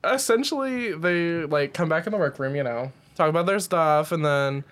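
A man's voice: a little high, fairly bright tone, clear, resonant tone. Giggly man co-hosting a podcast. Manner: giggly, quick storytelling. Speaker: podcast co-host, drag performer. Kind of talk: casual chat.

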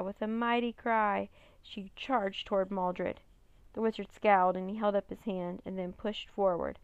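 Woman, storybook reader, expressive, gravelly, dry close recording. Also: medium pitch, normal speed, no echo, lo-fi sound. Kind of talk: reading a children's chapter book aloud.

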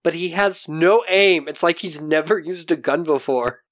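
A man co-hosting a podcast, recapping a TV episode in animated casual chat, swearing casually and acting out quotes. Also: on the high side, moderate pace. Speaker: podcast co-host.

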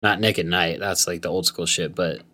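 A man's voice: deep voice, fairly even intonation, normal speed, sharp tone. A young man co-hosting a podcast, chatting casually with teasing jokes and swearing. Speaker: podcast co-host. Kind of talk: casual chat.

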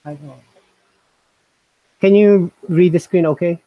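A man's voice: sits high, fairly even intonation, a little slow, no room sound, muffled recording. A man co-hosting a casual chat, talking in a hesitant, musing way full of fillers and restarts. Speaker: co-host reviewing voice software.

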